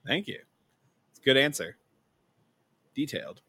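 A man's voice: medium pitch, big pitch swings, normal speed, pushed and bright, breathy edge. A man co-hosting a casual gaming podcast, making dry, teasing remarks. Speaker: podcast co-host. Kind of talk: casual chat.

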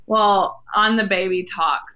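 A young woman speaks with a bright, tense edge, sharing her faith story in an earnest, storytelling way with small laughs. Her audio sounds a bit muffled and lo-fi. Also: medium pitch, steady tone, unhurried. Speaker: podcast guest, women's ministry leader. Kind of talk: faith-based interview conversation.

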